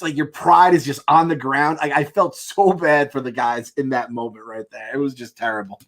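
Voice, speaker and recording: A man's voice: a little high, a bit bright. A man co-hosting a casual podcast, reacting loosely with fillers, restarts and laughter. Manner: rambling, many fillers and restarts, laughs often. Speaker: podcast co-host. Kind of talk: casual chat.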